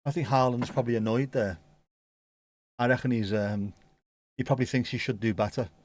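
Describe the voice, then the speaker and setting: Here a watchalong host's voice is medium-pitched, steady, and brisk. He gives casual commentary on a football match, cracking jokes and reading viewer comments aloud.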